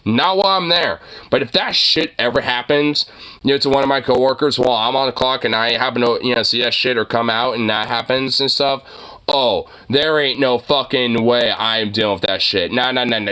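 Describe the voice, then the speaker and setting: Bright-voiced man ranting casually. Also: medium pitch. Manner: profane, rambling, heated. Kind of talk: casual reaction chat.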